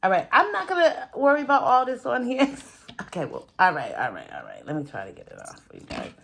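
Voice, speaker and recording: A woman's voice: on the high side, huge pitch swings, brisk, creaky, fairly bright tone, slight background noise. A woman food vlogger chatting casually to her viewers while she cooks in a home kitchen, breaking off into muttered asides as she works. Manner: chatty, talks straight to viewers. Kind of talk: casual cooking and eating vlog.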